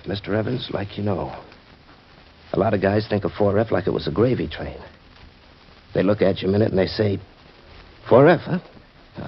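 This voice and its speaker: A stubborn working-class man with a husky, low voice and slangy, tough street talk. The 1940s radio acting comes through a dull, lo-fi old radio recording.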